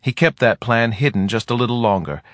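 A man narrating a novel in a steady, plain storytelling manner, recorded close to the mic. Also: mid-range voice, fairly quick, no echo. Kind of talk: audiobook narration.

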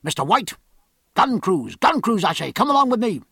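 A man voicing a naval captain in battle, with a strong, hoarse voice and barked commands. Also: sits high, big pitch swings, normal speed, pushed and bright, no echo, studio quality, pitched above the performer's own voice, full character voice. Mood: commanding.

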